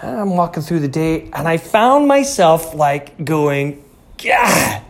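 Speaking a little slowly, with a fairly high, slightly mellow voice and big swings in pitch, a man in his fifties hosts a podcast. His motivational talk is a loose, rambling monologue full of fillers and restarts.

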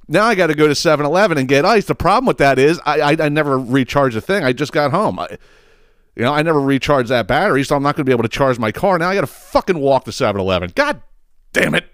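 Male podcast host telling a long story, swears constantly, restarts his sentences, smooth and clear voice, dry close sound. Casual and rambling. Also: a little high, expressive, fast talker, a bit bright, no echo. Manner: profane, rambling, self-interrupting, laughs at own story.

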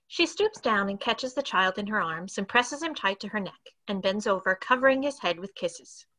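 A woman reading stage directions in a plain, even narration. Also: medium pitch, normal speed. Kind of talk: scripted narration.

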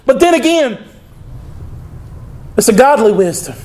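A man with a high voice preaching a sermon. He speaks emphatically and conversationally, breaking off into asides and calling out to the people in front of him. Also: very animated, a little slow, a little mellow. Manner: emphatic, conversational, with frequent asides and call-outs to the congregation. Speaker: pastor.

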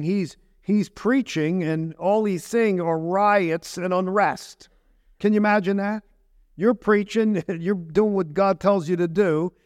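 A man pastor preaching a sermon in a conversational way, tossing rhetorical questions to his listeners. His voice sits fairly high for a man, and the sound is dry and close with little room echo.

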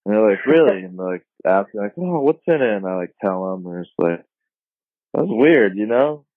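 A young man telling a story casually on a podcast, slangy and swearing, jumping high when he quotes people. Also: expressive, moderate pace, no room sound. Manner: laid-back slangy, swears often, voices others in high tones. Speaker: podcast guest. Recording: phone-like dry sound.

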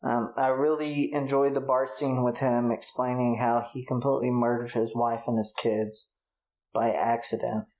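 A man of middle pitch co-hosts a casual chat about movies. He rambles a little, halting on fillers as he gathers his thoughts. The sound is roomy, with a clear echo from the space around him. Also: level tone, a little mellow. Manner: rambling, hesitant, with filler words. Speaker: podcast co-host.

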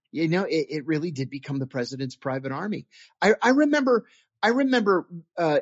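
A former intelligence officer telling stories in an interview, earnest and animated, often restarting his sentences. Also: on the high side, no room sound. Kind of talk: interview storytelling. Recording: dull dry lo-fi audio.

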